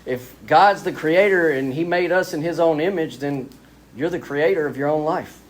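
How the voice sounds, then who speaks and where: A man giving a lively, self-mocking recovery talk as a speaker at a men's spiritual retreat. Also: on the high side, moderate pace. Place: retreat gathering.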